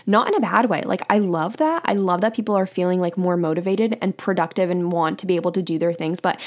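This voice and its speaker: A woman's voice: fairly low pitch, fast talker. Chatty young woman podcast host. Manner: chatty and bubbly, reading listener comments aloud. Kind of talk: casual solo podcast chat.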